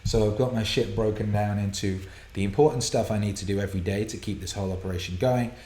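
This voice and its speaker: Swearing, excitable man on a live stream. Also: fairly low pitch, fast talker, reverberant. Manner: excitable, heavy swearing, laughs and rambles. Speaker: host of a live viewer Q&A broadcast. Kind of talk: casual live-stream chat, reading viewer questions. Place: home studio room.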